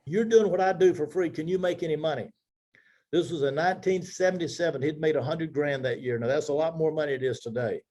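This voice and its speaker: Older man, storytelling talk, mellow tone, higher pitch, acts out dialogue. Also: fast. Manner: lively storyteller acting out quoted dialogue. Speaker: business leader speaking to his team.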